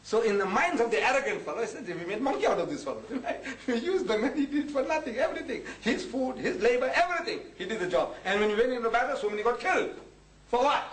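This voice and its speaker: A man's voice: extremely high pitch, quick pace, recorded from a distance. An older man from South Africa giving a public lecture, telling stories animatedly and acting out dialogue with frequent laughs. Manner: animated storytelling, acts out dialogue, laughs often. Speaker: lecturer on religion. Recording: echoey hall, heard from afar.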